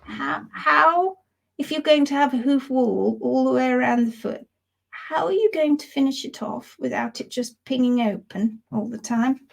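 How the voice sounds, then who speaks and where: A woman's voice: sits high, moderate pace, gravelly, heavily acted. A woman voicing a timid young woman at the back of a meeting, asking her question hesitantly.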